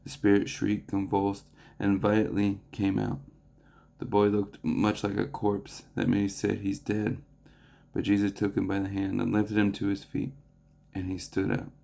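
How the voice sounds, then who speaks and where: A young man reading scripture and reflecting on it in an earnest devotional talk, halting with restarts and fillers. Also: on the low side, completely flat delivery, creaky, mellow. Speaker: preacher.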